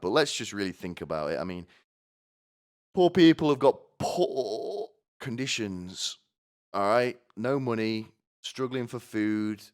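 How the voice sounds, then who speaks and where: A man's voice: low voice, a bit bright, smooth. A man ranting alone on a live stream, provocative and full of asides. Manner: rambling and provocative, swearing, asking "right?". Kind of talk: solo stand-up style rant.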